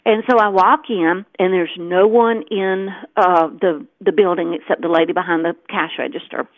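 A woman's voice: on the low side, steady tone, normal speed, no room sound. A middle-aged woman co-hosting a talk show, telling a personal story in an earnest, chatty way and acting out the dialogue. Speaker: co-host. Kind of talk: casual storytelling chat. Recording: tinny, dry phone line.

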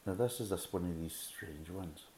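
Sweary Scottish man with a deep voice. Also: normal speed, mellow, roomy sound, a little hiss or hum. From Scotland. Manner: blunt, sweary, sarcastic. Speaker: beer reviewer. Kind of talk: casual ranting review.

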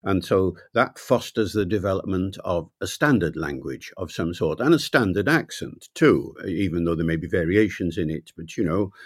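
An older man from Wales speaks as an interview guest in a reflective, anecdotal way. His voice sits low, and the recording is dry with no room sound. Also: dry recording. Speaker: guest linguist. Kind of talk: relaxed interview storytelling.

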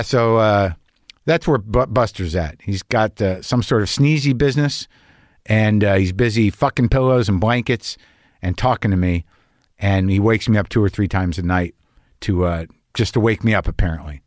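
The clip features an older podcast host's neurotic, profane, meandering comic monologue alongside casual conversation. His pitch is fairly low and his pace moderate, recorded dry with clean studio sound.

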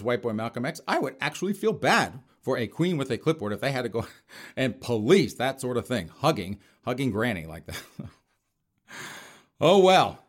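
A man's voice: mid-range voice, very animated, normal speed. A man hosting his podcast in a casual monologue, mocking and laughing often. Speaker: podcast host.

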